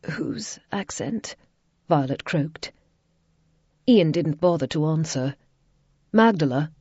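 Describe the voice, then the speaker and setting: A woman reading a romance audiobook in a measured, even narration. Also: sits low, dry recording. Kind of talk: scripted narration. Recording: dull lo-fi recording.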